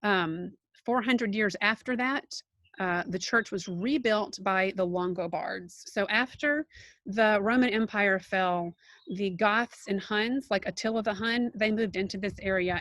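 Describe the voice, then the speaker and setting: A woman's voice: medium pitch, measured pace, fairly bright tone, dry recording. Woman giving a chatty slideshow lecture. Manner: conversational, explanatory, with frequent ums and restarts. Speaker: art history and food teacher.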